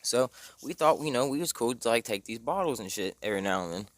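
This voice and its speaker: A man's voice: medium pitch, lively intonation, quick pace, no echo. Rambling, cursing young man telling a story. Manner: rambling, slangy, heavy cursing, lots of fillers. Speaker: storytime vlogger. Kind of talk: casual storytelling.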